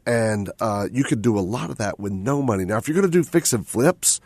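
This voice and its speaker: A man's voice: on the low side, lively intonation, a little fast, a little mellow, dry recording. A man hosting a radio talk show, chatting casually and tagging his points with "right?" and repeated phrases.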